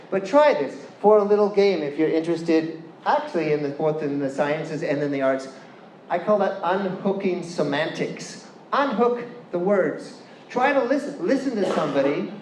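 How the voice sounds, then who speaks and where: A man with a high, slightly mellow voice and lively intonation lectures at a moderate pace as a guest speaker. His Californian accent comes through as he chats playfully and asks the audience questions. The echoey hall carries faint ambience and slight background noise.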